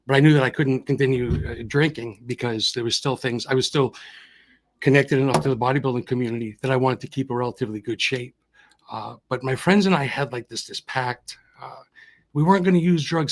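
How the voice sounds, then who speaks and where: A man in his thirties from Massachusetts, a podcast guest telling his personal story in an earnest, reflective way. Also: medium pitch. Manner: earnest, reflective, with frequent restarts.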